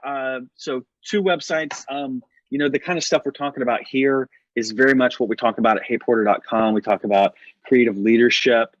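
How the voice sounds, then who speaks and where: A man's voice: mid-range voice, no room sound, muffled recording. An American man on a podcast as a guest, telling stories in a rambling, self-correcting way and laughing often. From United States. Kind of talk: casual interview storytelling.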